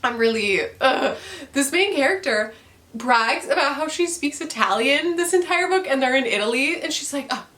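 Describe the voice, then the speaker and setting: A woman's voice: high-pitched, lively intonation, moderate pace, fairly bright tone. A young woman in a casual book review chat, ranting with frequent swearing and laughter. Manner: profane, ranting, laughs often.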